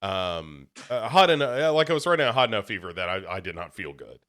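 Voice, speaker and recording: A man's voice: fairly low pitch, big pitch swings, fast talker, a bit bright. A young man co-hosting a podcast, a little congested, chatting casually in a rambling, self-deprecating way with many restarts. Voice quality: slightly congested. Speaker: podcast co-host. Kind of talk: casual chat.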